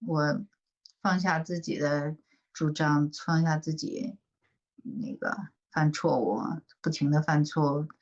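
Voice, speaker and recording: A woman interpreting for a reading group, measured and paraphrasing. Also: low voice, a little mellow. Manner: measured, paraphrasing, with filler sounds. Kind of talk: interpreting into Chinese. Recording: dull, distant lo-fi audio.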